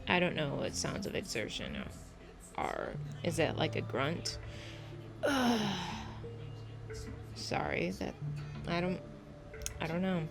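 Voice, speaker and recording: Lady talking over her game on a laptop mic, kinda low voice, unsure, game music playing. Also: wildly swooping pitch, unhurried, vocal fry. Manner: rambling, hesitant, self-deprecating. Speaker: gameplay narrator. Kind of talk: casual game narration.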